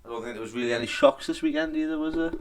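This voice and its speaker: A man talks in loose, sweary podcast banter. His pitch swings up and down a lot as he gets going. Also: wildly swooping pitch, very fast, creaky. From North East England. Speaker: podcast co-host. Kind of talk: casual chat.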